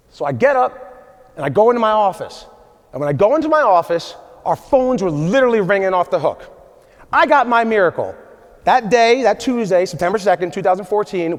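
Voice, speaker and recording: A man in his forties giving an emphatic motivational keynote at a conference, often checking in with the audience with "right?". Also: sits high. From USA. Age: 40s. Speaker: conference speaker. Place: large conference hall. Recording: long hall reverb.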